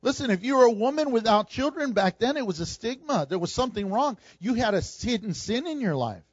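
A man preaching a sermon, animated and humorous, acting out the people in his story. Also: very high-pitched, brisk, no room sound, highs cut off. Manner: animated preaching, acts out quoted voices with humor. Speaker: pastor.

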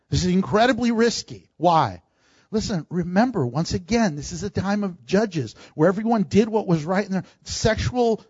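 A man preaching a sermon, animated, acting out the lines he quotes and laughing often. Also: sits high, dry recording, muffled recording.

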